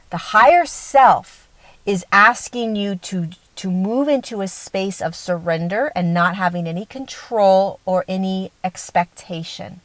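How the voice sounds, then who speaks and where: A woman's voice: medium pitch, dry recording. A woman giving a conversational spiritual teaching talk, direct and earnest, often checking in with the listener. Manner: conversational, checks in with "okay?" and "right?".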